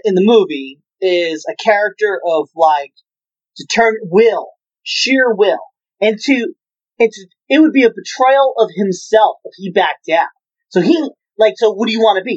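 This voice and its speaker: A man's voice: high-pitched, lo-fi sound. A man in casual movie chat, rambling and swearing freely as he retells scenes with energy.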